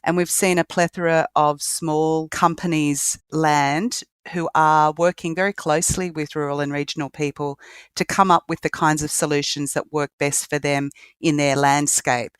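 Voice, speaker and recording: A woman's voice: low-pitched, clear, resonant tone, dry recording, studio quality. An Australian woman writer, a podcast guest, explaining her research in an articulate and earnest way. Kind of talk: interview answers. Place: regional New South Wales.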